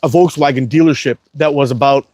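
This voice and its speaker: A man's voice: medium pitch, steady tone, a little fast, darkish tone, no room sound. A man telling a long, rambling, profanity-heavy story in a casual livestream chat. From Canada. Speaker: livestream host.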